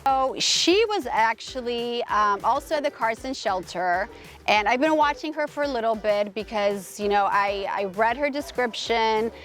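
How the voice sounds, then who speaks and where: With faint music playing behind her, a female host shares a personal anecdote, gushing and emphatic, restarting often and leaning on fillers as she rambles. Her fairly high voice has lively intonation, a measured pace and a slightly bright quality.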